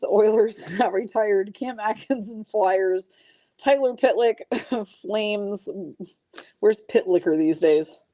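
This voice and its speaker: A woman's voice: mid-range voice, a little mellow, no echo. A woman hosting a live card break stream, calling out cards and reading the chat in a chatty, self-mocking way, often breaking into giggles. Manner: giggly, keeps breaking into laughter.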